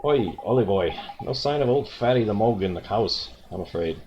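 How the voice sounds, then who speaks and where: A man's voice: fairly low pitch, expressive, normal speed, a little mellow, a little hiss or hum, close to an everyday voice. A brash, slangy fairy sidekick, bossing everyone about in a bouncy, up-and-down voice, as a man puts him on. The sound is dull and lo-fi, like a home game recording. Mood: cheeky. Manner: bossy, slangy.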